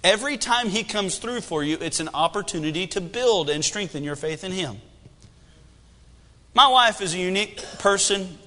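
A man in his thirties preaching a sermon with animated delivery and humor. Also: high-pitched, moderate pace, big-room sound. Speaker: pastor.

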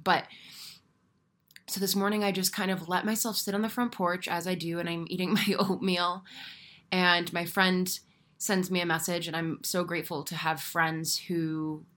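A young adult woman hosting a podcast, telling a personal story in a candid, animated way with casual swearing. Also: fairly low pitch, normal speed. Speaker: podcast host. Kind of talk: casual solo podcast monologue.

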